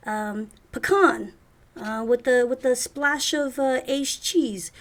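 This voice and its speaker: Game master, woman, gravelly, rambling. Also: mid-range voice, a bit bright. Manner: rambling, halting, many fillers. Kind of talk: tabletop game narration.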